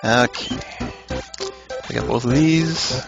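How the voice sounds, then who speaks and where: A man giving relaxed commentary on a puzzle game, thinking aloud and chuckling now and then. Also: mid-range voice, slow pace, lo-fi sound. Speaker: let's play commentator. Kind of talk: casual gameplay commentary. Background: game music.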